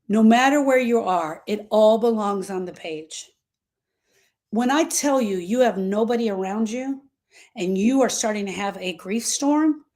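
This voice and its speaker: A woman hosting a grief-coaching livestream, talking to viewers with emphatic repetition and reading their comments aloud. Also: on the high side. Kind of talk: live-stream talk to viewers.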